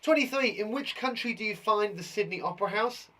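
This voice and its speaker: A man's voice: high voice, lively intonation, a little fast, pushed and bright. A man who teaches and hosts a live children's quiz show, talking in an enthusiastic, jokey, chatty way.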